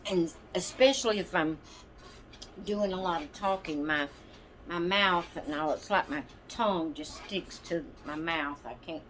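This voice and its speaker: A woman's voice: lowish voice, measured pace, a bit bright, slight background noise. A woman hosting her doll channel, chatting casually and rambling to viewers with plenty of ums and asides. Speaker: doll channel vlog host.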